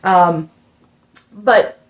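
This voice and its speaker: A middle-aged woman from the United States telling a concert story in a casual podcast chat, animated and full of "like" fillers. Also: fairly low pitch, extremely slow. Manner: animated storyteller, many "like" fillers, rising excitement. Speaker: guest musician telling a story.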